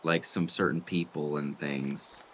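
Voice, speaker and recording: Man, gaming streamer, deep voice, casual chat, quick reactions, faint background hum. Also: steady tone, a bit bright, muffled recording. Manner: chatty, talks to chat while building, quick exclamations.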